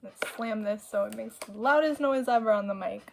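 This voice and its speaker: A woman's voice: on the high side, moderate pace, gravelly, slight background noise. A young woman chatting casually into a desk mic at home, rambling and self-deprecating with lots of fillers. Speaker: vlogger. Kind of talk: rambling casual vlog chat. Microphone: desk mic with headphones.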